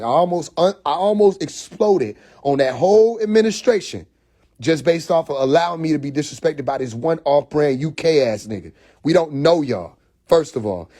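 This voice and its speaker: A man's voice: fairly high pitch, moderate pace. Fired-up man ranting on a livestream. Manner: animated storytelling with repeated restarts and acted quotes; profane, confrontational. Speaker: livestream host. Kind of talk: casual livestream monologue. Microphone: phone mic.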